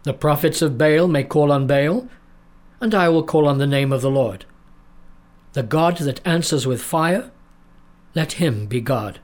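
A man voicing a bold, defiant male prophet in a storybook reading, speaking in a booming, solemn, slow proclaiming way. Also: natural voice. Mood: commanding.

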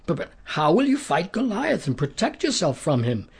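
Guy reading a careful kingly old-school king, measured, husky, storybook. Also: on the high side, big pitch swings, voice pushed up, heavily acted. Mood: worried. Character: middle-aged male king, cautious but kindly.

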